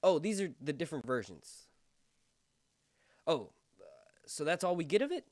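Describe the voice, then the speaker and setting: A man hosting a fan review channel, talking with excited enthusiasm and often breaking into exclamations. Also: a little high, moderate pace, dry recording, studio quality. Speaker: book and TV review channel host. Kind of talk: excited fan commentary with read-aloud passages.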